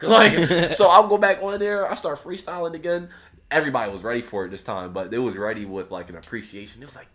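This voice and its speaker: A young man, a rapper guest on a podcast, telling a story in a relaxed casual way, laughing often and acting out other people's lines. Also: lowish voice, fast. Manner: laughs often, acts out voices in anecdotes.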